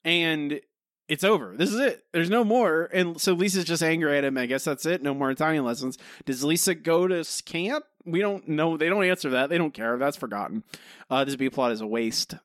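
A man's voice: a little high, fairly quick, fairly bright tone, dry recording, clean studio sound. A man co-hosting a podcast, critiquing an episode in rambling, casual chat full of fillers and restarts. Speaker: podcast co-host.

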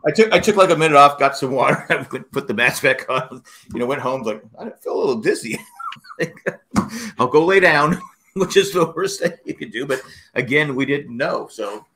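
A middle-aged man hosts a relaxed podcast chat at a mid-range pitch. He rambles through stories and acts out what other people said along the way. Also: fairly quick, a little hiss or hum. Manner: rambling storyteller, acts out quotes. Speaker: podcast host. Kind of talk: casual chat.

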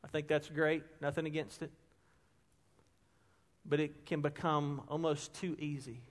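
A middle-aged man preaching a sermon as a pastor, telling stories with energy and dropping to a hush for emphasis. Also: fairly high pitch, a little slow. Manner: animated storyteller, drops to a hush for emphasis. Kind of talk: sermon with storytelling. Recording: long hall reverb.

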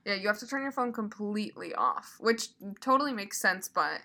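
A woman's voice: medium pitch, lively intonation, moderate pace, bright, forceful tone. A woman co-hosting a casual podcast chat, chatty, with lots of filler words and laughs. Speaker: podcast co-host.

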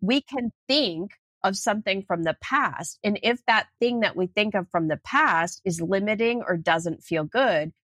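Animated middle-aged woman, dry sound. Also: medium pitch, measured pace, few pauses, no room sound. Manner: animated storyteller, acts out voices in anecdotes. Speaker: podcast guest. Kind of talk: casual interview chat.

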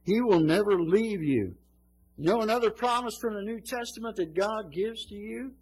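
A man's voice: high voice, moderate pace, a little mellow, slightly rough, poor audio. A man preaching a sermon, quoting scripture in an earnest, emphatic way. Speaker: pastor.

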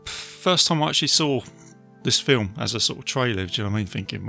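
A man's voice: medium pitch, expressive, quick pace, vocal fry, sharp tone, soft background music. A man co-hosting a casual film chat, laughing often and reminiscing in a rambling way. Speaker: podcast co-host.

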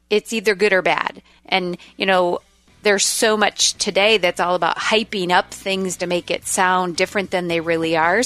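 A woman's voice: medium pitch, fairly bright tone, no room sound. A woman co-hosting a faith-based marriage talk show, reflecting on scripture and reading lists steadily. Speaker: radio show co-host.

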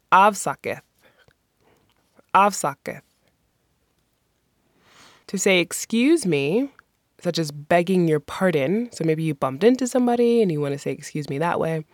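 A woman with a slightly low voice gives a language lesson at an unhurried pace. She is patient and encouraging and repeats each phrase slowly so the learner can copy it. The sound is dry and close, with no room around her. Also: no room sound. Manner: patient, encouraging, slows down to model pronunciation. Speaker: language teacher. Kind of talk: phrase lesson with slow repetition.

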